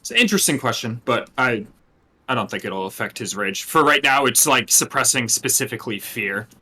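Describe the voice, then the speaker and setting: A man's voice: mid-range voice, lively intonation, brisk, pushed and bright, slightly rough. A man working as game master, calling out turns and patiently explaining spell rules, laughing often. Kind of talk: running a tabletop game.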